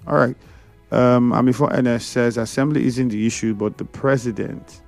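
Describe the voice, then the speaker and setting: A Nigerian man hosting a radio call-in show, briskly reading out listener messages and taking calls. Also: medium pitch, fairly even intonation, vocal fry, darkish tone, soft background music. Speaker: radio host. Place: radio studio.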